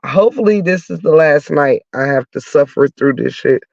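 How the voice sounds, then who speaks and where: Nasal from a cold, a podcast host delivers a blunt, curse-heavy comic rant about a heated story. His voice is a little high, expressive, creaky and darkish in tone, at normal speed, recorded in dull, dry lo-fi with no room sound.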